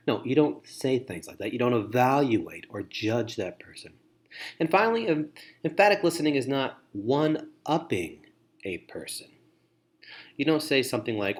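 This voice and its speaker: Man, training lecture, very expressive pitch, emphatic, repeats key phrases. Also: unhurried. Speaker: foster care trainer.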